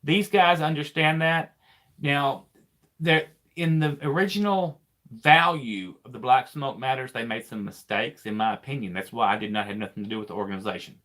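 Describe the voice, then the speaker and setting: A man's voice: medium pitch, normal speed, fairly bright tone. A man, a trucker hosting a casual live chat, rambling and repeating himself as he talks. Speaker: trucker and channel host.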